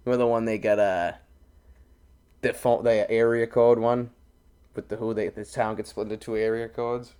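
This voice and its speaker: A man's voice: on the low side, fairly even intonation, moderate pace, warm tone, clear, resonant tone. A man co-hosting a podcast in crude casual banter, swearing and laughing often. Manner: profane, laughing, retells scenes with voices. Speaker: podcast co-host.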